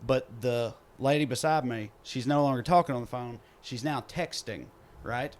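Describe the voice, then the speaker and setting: A podcast host with a Southern US accent tells a story in casual chat, acting out the people he quotes. His mid-range voice keeps a moderate pace, and the recording was made in a theater green room.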